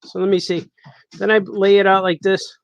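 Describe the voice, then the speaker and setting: A man's voice: high voice, little pitch movement, normal speed, vocal fry, no room sound, dull audio. A man, a cartoonist, chatting casually on a live stream while he draws, repeating himself as he works.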